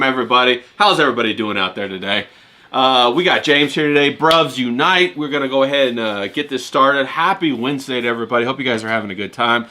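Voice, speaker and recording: A man's voice: mid-range voice, sharp tone. A man hosting a casual livestream chat, easygoing and full of fillers, laughing often. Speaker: host.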